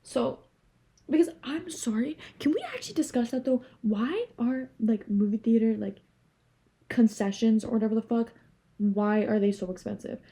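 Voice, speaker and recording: A young woman from Canada rambling casually to camera, animated and swearing freely. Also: on the high side, normal speed. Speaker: vlogger.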